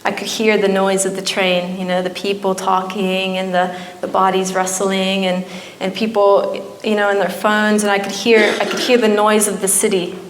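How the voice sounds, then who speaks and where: A young woman giving an emotional personal testimony at a church, her storytelling rising at times into pleading. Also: medium pitch. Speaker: church speaker. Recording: echoey church hall.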